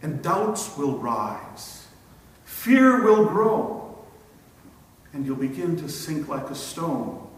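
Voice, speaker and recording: Slow-preaching man in an echoey hall. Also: on the high side, very animated. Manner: slow, emphatic preaching with dramatic pauses. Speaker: pastor. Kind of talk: sermon. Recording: echoey church hall from far off.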